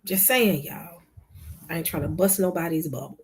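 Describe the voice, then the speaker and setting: A woman with a lowish, husky voice hosts a live online show. She speaks loosely and conversationally to her viewers, calling them "y'all" and acting out the back-and-forth of a conversation she had. The tone is a relaxed storytelling chat. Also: moderate pace. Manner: chatty, addresses viewers as "y'all", retells conversations in quoted dialogue. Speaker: livestream show host. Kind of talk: casual storytelling to a live audience.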